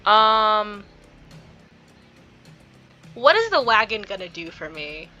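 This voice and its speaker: A woman with a bright, forceful voice reads a visual novel aloud. She gives the horror story a dramatic read, then drops into quick, giggly asides to herself. Soft music plays faintly underneath. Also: medium pitch, big pitch swings, highs cut off. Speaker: game streamer.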